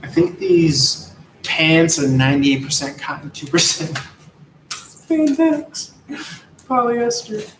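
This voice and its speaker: A man's voice: a little high, expressive, takes it slowly, pauses often, fairly bright tone, echoey room, slight background noise, poor audio. A man giving a casual, rambling tarot reading, laid-back and drifting from topic to topic. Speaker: tarot reader.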